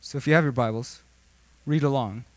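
A man's voice: medium pitch, brisk, dry recording. A young man preaching a casual, joking sermon, rambling with lots of fillers. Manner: rambling, filler-heavy, jokey. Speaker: youth preacher.

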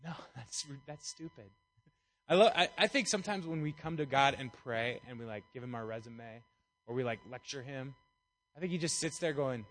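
A man's voice: medium pitch, animated, normal speed, fairly bright tone. A man preaching a casual, playful sermon, chatty and jokey as he talks through a Bible passage. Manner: playful, chatty, acts out voices.

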